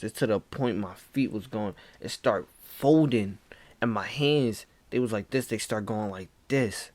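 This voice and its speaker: A young man casually telling a spooky dream story, acting out lines with sudden whispers and shouts and calling the listener "bro". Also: mid-range voice, no echo. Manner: slow, dramatic, acts out quoted lines with whispers and shouts.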